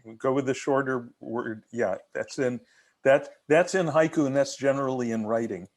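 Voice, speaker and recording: A man's voice: mid-range voice, moderate pace. A man leading an online haiku workshop, asking questions and teaching in a talkative way with many restarts.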